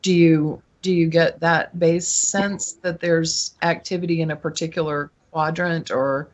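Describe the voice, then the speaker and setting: A woman's voice: low voice, steady tone, unhurried. A woman hosting an interview show, talking casually and asking long, searching questions that wander as she goes. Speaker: host, medium.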